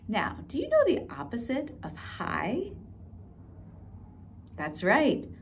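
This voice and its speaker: A woman's voice: lowish voice, big pitch swings, slow pace, slight background noise. A woman librarian leading a storytime rhyme for young children, coaxing and sing-song.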